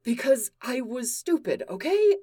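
A woman voicing an anxious teenage boy in a storybook reading, speaking softly with halting restarts. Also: on the high side, very animated, voice pushed up. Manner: hesitant, halting and soft.

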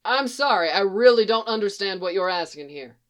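A woman's voice: medium pitch, lively intonation, fairly quick, lightly acted. A woman voicing an older farmer who talks in an easygoing, folksy way. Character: older farmer man, calm stalling husband.

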